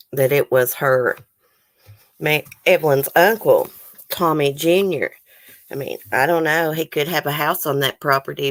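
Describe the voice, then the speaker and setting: Tearful low-voiced woman streaming to chat. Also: a bit bright, dry recording. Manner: emotional, tearful, sighing, talks to chat. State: near tears. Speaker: true crime channel host. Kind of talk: livestream chat with viewers. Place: home, near the case area.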